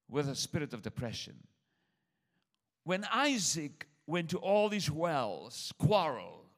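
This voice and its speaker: A man's voice: on the high side, fairly bright tone. An older man preaching a sermon to his church, humorous and repetitive, with stammered restarts. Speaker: pastor.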